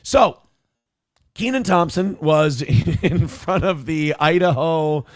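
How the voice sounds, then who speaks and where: A man's voice: on the high side, lively intonation, takes it slowly, no echo, studio quality. A man hosting a morning show, chatting loosely, swearing, laughing and reading viewer messages aloud. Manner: loose, profane, laughing, does mock voices in stories. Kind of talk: casual banter and reading chat messages.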